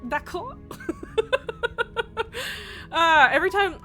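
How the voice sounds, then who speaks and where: A woman's voice: on the high side, lively intonation, moderate pace, bright, forceful tone. A young woman streaming a game, chatting casually and giggling often. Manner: chatty and giggly, many fillers. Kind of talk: casual live-stream chat. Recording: game music underneath.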